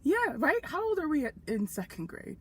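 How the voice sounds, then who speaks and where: A woman of about thirty from Nigeria, speaking with an American accent, co-hosting a comedy podcast and telling a story with animated, self-mocking energy. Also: high voice, normal speed. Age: around 30. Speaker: podcast co-host. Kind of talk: comedic casual chat.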